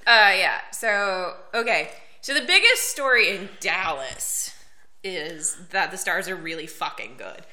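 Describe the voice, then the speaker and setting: A woman from Kansas co-hosting a casual podcast, steering the topics in a relaxed, chatty way. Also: on the low side, unhurried. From Lawrence, Kansas, USA. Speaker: podcast co-host. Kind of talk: casual chat.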